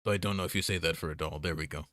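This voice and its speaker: A man's voice: deep voice, steady tone, very fast, fairly bright tone. A man streaming a game, reading its text aloud with jokey, mock-dramatic commentary into a desk mic. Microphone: desk mic with noise gate.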